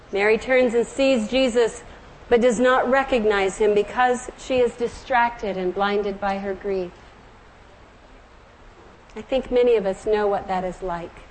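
A middle-aged woman from the American South preaching a sermon, telling stories gently and slowing down on scripture and hymn lines. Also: mid-range voice, fairly even intonation, a little hiss or hum, rough recording. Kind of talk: sermon with storytelling.

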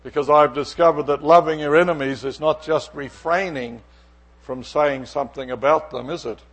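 A middle-aged man preaching a sermon from the pulpit. His voice sits a bit high for a man, and he tells a personal story with animation, acting out the conversation in it. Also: fairly even intonation, normal speed. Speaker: pastor.

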